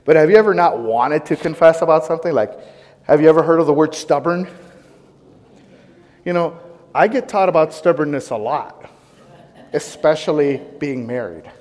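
Animated preacher man, higher voice. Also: moderate pace, pauses often, long reverb tail. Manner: animated storytelling, questions to the congregation. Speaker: pastor. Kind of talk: sermon.

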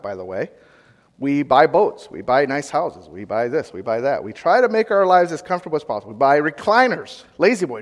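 Pastor type, man, high and very lively voice, chatty sermon in a reverberant hall. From United States. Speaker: pastor or Bible teacher. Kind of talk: interactive sermon.

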